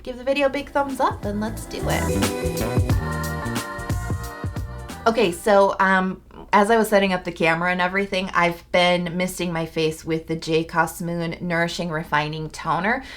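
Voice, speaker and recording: A woman's voice: lowish voice, fairly even intonation, normal speed, soft background music. A young woman talking through her morning skincare routine at home in a chatty, rambling vlog, full of fillers. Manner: bubbly, rambling, lots of fillers. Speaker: beauty vlogger. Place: home, indoors.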